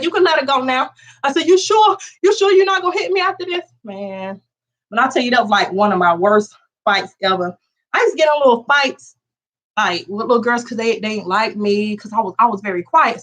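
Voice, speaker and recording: Fast-talking woman telling a story. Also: on the high side. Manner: animated, acts out quotes in raised voice. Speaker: vlogger. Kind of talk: casual storytelling.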